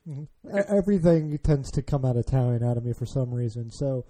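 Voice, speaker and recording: A man's voice: medium pitch, expressive, a little fast, dark tone. A man from the United States hosting a podcast, chatting casually and stumbling over his words. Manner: stammering, restarts words. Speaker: podcast host.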